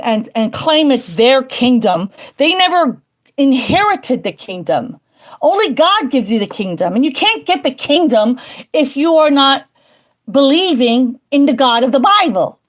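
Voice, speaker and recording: A woman hosting a livestream from home, talking in an emphatic, repetitive, preaching way. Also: high voice. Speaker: livestream host. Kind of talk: casual livestream monologue. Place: at home indoors.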